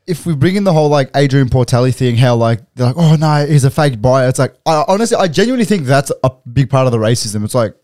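A man co-hosting a podcast, talking fast in slang with the odd swear word. The sound is dry and close, with no room around it. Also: medium pitch, lively intonation, a little mellow, dry recording. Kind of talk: casual chat.

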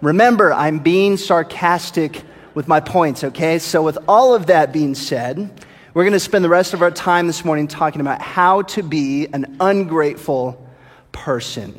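A man's voice: on the high side, long reverb tail. A pastor delivering a playful, tongue-in-cheek sermon to his congregation in a church. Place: church sanctuary.

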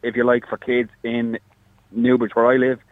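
A man's voice: mid-range voice, monotone, normal speed, no room sound. A man with an Irish accent calling in to a radio show, joking and colloquial, heard over a phone line. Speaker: radio caller. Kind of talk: call-in radio chat.

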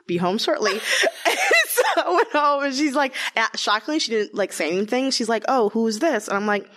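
Here a young woman with a fairly high voice, talking a little fast, shares her own experiences as an interviewee. Her chatty account leans heavily on "like" and includes vivid, acted-out quotations.

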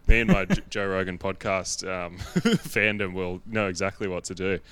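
Bright-voiced Australian bloke telling a yarn. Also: male voice, sits low, fairly even intonation, normal speed. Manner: swearing, laughing storyteller. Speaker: podcast guest. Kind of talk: casual chat.

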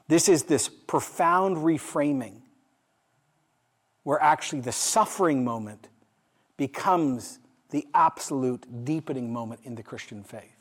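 A man's voice: on the high side, normal speed. A middle-aged man preaching a sermon, asking his listeners questions and telling a story, building to emphatic peaks. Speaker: pastor.

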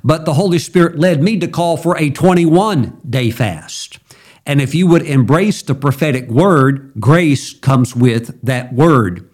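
A man's voice: a little high, measured pace, darkish tone. A middle-aged male pastor preaching a sermon in a conversational, storytelling way, with sudden emphatic jumps.

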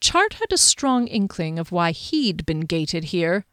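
Smooth-voiced woman narrating a fantasy audiobook. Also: on the low side, very animated, takes it slowly, fairly bright tone, no room sound, studio quality.

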